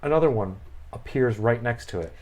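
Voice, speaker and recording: A woman running a tabletop game as game master, narrating monsters in a relaxed, descriptive way. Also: extremely low pitch, a little fast, heavy background noise.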